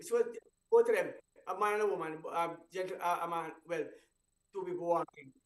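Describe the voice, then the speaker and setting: High-voiced man rambling on breakfast radio. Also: fairly quick. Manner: rambling, stumbling restarts, laughing at own story. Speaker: radio show host. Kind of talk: casual radio chat. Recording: roomy echo, voice far from mic.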